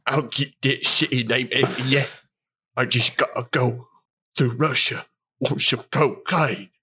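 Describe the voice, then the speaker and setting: A man's voice: mid-range voice, steady tone, unhurried, bright, forceful tone, husky, full character voice. A man doing a comedic impression of a tough movie-star ferret, in a mock Australian accent that drifts toward London. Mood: tough reassurance.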